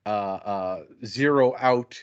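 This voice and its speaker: A man's voice: on the low side, slow, clear, resonant tone. A man co-hosting a casual talk show, telling rambling anecdotes and acting out both sides of conversations. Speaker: podcast co-host. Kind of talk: casual chat. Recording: dull lo-fi sound.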